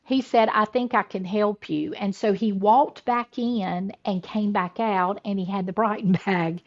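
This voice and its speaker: A woman's voice: mid-range voice, steady tone, measured pace, muffled recording. A woman co-hosting a casual chat show, telling a long story, laughing often and repeating words as she goes. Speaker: podcast co-host.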